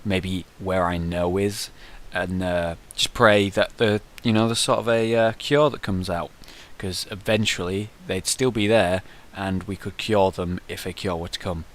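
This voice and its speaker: A man's voice: low voice, steady tone, measured pace, few pauses. A young man answering viewer questions in a casual vlog, rambling through stories with lots of fillers. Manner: rambling, conversational storytelling with frequent fillers.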